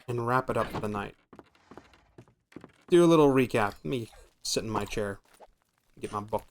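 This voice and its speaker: An American streamer in casual gameplay commentary, his voice sitting at an ordinary mid pitch. He rambles and thinks aloud as he plays, with a loose, unscripted manner and the occasional swear word. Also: moderate pace, long pauses, a little hiss or hum. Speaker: gaming streamer.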